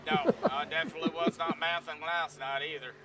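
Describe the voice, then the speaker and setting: A man's voice: on the high side, huge pitch swings, brisk, over a noisy crowd. A man doing laid-back sim racing play-by-play commentary, with self-deprecating banter between calls. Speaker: race commentator. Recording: distant mic with clear background noise.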